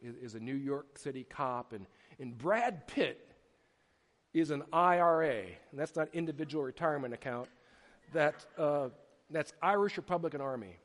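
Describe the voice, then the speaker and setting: A man's voice: a little high, moderate pace. A middle-aged man preaching a sermon as pastor, telling stories animatedly with frequent restarts. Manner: animated storytelling with repeated restarts. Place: church sanctuary. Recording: long hall reverb.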